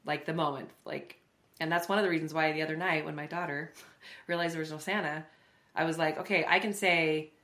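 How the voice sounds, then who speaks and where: A mother telling a family story in a quick, animated way during a casual podcast chat. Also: low voice. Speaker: podcast co-host. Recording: echoey room.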